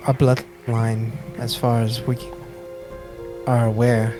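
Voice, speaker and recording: A man voicing a formal, courteous male elf native, speaking in a measured way. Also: mid-range voice, little pitch movement, music in the background, close to an everyday voice.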